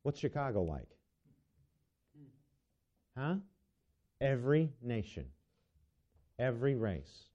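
Dark-voiced male preacher, dull recording. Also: mid-range voice, big pitch swings, slow pace, pauses often. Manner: asks the congregation rhetorical questions, stumbles and restarts. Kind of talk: sermon.

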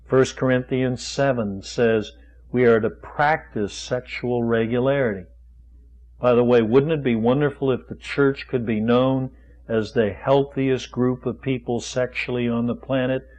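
Male preacher, mid-pitched, folksy and questioning, slightly dull lo-fi recording. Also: steady tone, unhurried, darkish tone. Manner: rhetorical questions, folksy asides. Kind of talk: sermon.

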